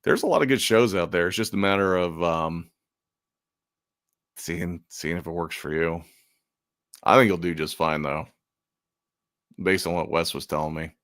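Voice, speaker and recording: A man with a low, gravelly voice talks in a loose, rambling way. He slips in dry, self-deprecating jokes. The sound is close and dry, with little room around it. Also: normal speed, pauses often, a bit bright, dry recording. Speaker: convention artist and channel host. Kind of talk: casual chat.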